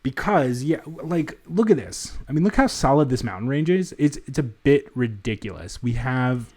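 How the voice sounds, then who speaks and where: A man's voice: mid-range voice, animated, moderate pace, few pauses, a little mellow, breathy edge. A man giving let's play commentary in a city apartment, thinking aloud in a rambling way with frequent restarts. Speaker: gamer.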